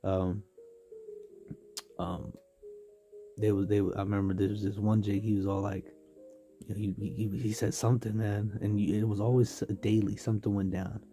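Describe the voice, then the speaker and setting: A man from San Diego talks through a scripture devotional in a loose, rambling way, full of fillers and street slang. His voice sits low and dark. Faint music plays underneath. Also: flat delivery, moderate pace, long pauses. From San Diego, California. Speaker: livestream preacher. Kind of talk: casual spoken devotional.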